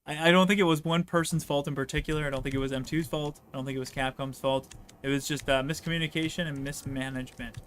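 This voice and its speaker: A man's voice: a little high, steady tone, fast talker, fairly bright tone. A man hosting a casual game stream, talking in a laid-back, rambling, joking way while he plays and reads out viewer messages. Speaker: streamer host playing the game.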